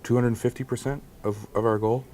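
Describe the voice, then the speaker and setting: A male comedian in an onstage interview, speaking in a halting, deadpan way with frequent restarts and stammers. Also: medium pitch. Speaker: guest comedian. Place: comedy club stage.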